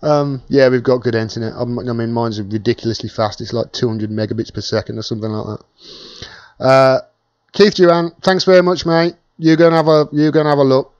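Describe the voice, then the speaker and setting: A chatty British man hosts a casual live-stream Q&A, talking at an average pitch. His voice is close and dry, with no room sound around it. The audio is dull and lo-fi, like a home webcam stream. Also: steady tone, fairly quick, darkish tone, smooth, no echo. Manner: chatty, thanks viewers by name while reading comments.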